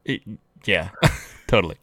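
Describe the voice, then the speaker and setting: A man's voice: measured pace, bright, forceful tone, no echo, clean studio sound. A man hosting a podcast, chatting casually in an upbeat, laughing, self-deprecating way. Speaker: podcast host. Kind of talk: casual chat.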